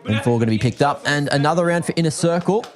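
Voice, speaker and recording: Energetic Australian male esports caster. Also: a little high, music in the background. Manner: energetic, quick reactions, laughs easily. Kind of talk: play-by-play commentary.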